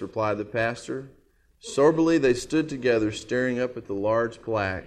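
A man preaching a sermon in a jokey, animated way, reading funny letters and laughing along. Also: medium pitch, moderate pace, clear, resonant tone. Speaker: pastor.

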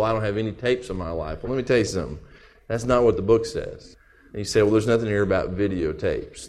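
A man preaching a sermon in a jokey, animated way, reading funny letters and laughing along. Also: mid-range voice. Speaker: pastor.

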